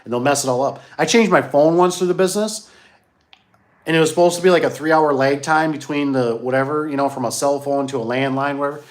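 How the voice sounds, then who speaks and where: A man's voice: a little high, fast. A man who runs a garage door business, talking to his viewers in a rambling, folksy way and repeating himself as he tells stories. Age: adult, grew up locally. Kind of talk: casual rambling monologue to viewers.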